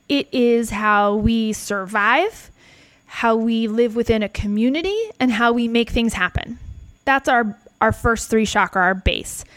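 A woman teaching a relaxed talk on chakras, calm and reflective, often checking in with the listener. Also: on the high side, dry recording.

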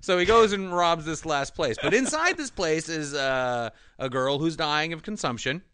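A man with a bright, forward voice tells a movie plot in a casual chat, pitch swinging widely as he laughs. He recorded close and dry, with little room sound. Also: clean tone, dry recording. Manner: animated, laughing often, quick flat quoted lines.

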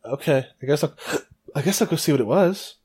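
A man's voice: on the high side, animated, a little fast, a little mellow, breathy edge, pitched above the performer's own voice. A man voicing a nervous, eager young woman student who stammers when flustered.

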